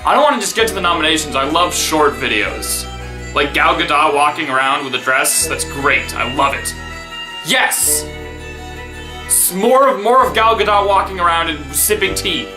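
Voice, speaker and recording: Casting note: young man, sarcastic comic reactor, lively swinging pitch, echoey room with music. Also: moderate pace. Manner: mock-enthusiastic, sarcastic, exaggerated. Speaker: comedic reaction vlogger.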